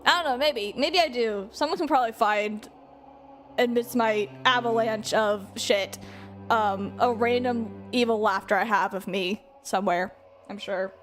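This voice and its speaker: Woman gamer streamer, high bright voice, swears freely, game music underneath. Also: unhurried. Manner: emotional, swears a lot, frequent laughter. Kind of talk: gameplay reaction commentary.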